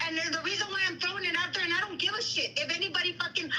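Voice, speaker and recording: Woman, very high bright voice, heated livestream rant, faint noise behind. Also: rough recording. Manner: indignant, rapid retelling with quoted dialogue, mixes Spanish.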